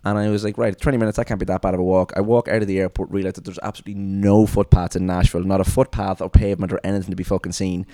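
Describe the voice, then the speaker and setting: Fast-talking man telling a story. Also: sits low, no room sound, studio quality. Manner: fast, animated anecdotes with put-on quoted voices. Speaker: podcast host. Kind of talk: casual storytelling chat.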